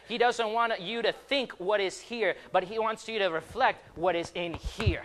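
A high-voiced young man delivers a fervent sermon. He swings between loud, ringing calls and quiet, low asides. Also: measured pace, hardly any pauses. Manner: fervent preaching, rises loud on calls and drops soft. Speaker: preacher.

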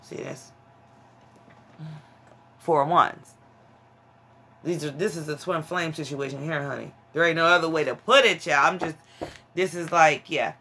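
A woman's voice: deep voice, normal speed, pushed and bright, a little hiss or hum. A woman giving a casual tarot reading to her viewers, frank and emphatic, calling them honey and child. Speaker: tarot reader.

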